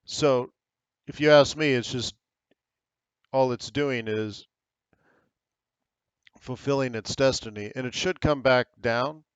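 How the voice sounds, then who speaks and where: Smooth-voiced American man talking markets. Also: medium pitch, slow pace, long pauses, no room sound, dull audio. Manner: casual, rambling, thinks aloud with fillers. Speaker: trading webinar host. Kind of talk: live market commentary.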